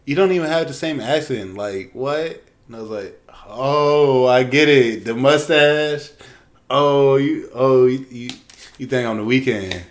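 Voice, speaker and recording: A man's voice: mid-range voice, measured pace. A young man co-hosting a casual podcast, ranting with lots of profanity and acting out what other people said. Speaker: podcast co-host.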